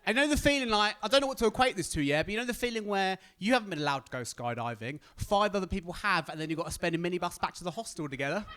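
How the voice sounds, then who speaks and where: A young comedian from Britain tells a story on stage in a high, lively voice that swings widely in pitch. He acts out each character as he goes, and his tone stays bright and forceful. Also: very fast, few pauses, clean tone. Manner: animated, acts out other people's voices. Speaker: stand-up comedian.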